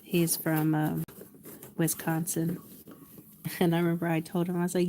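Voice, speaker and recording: A woman's voice: on the low side, level tone, normal speed, dark tone. A woman talking casually to herself while she sews, chatty and laughing often. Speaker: quilting vlogger. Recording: sewing machine noise behind.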